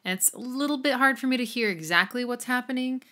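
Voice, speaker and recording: A woman explaining music theory in a lively way, counting beats aloud and now and then singing short snippets. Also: on the high side, fast talker. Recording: music playing behind the voice.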